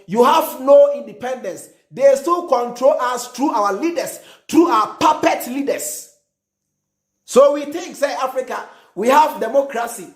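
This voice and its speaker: A Ghanaian man, a prophet, giving fiery, emphatic commentary and mixing English with Twi, repeating his points for stress. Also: extremely high pitch. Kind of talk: impassioned commentary. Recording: roomy echo.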